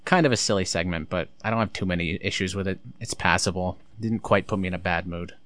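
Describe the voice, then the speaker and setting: A man's voice: deep voice, fast, fairly bright tone, dry recording. A man recapping a wrestling show in casual commentary, blunt, sarcastic and swearing freely.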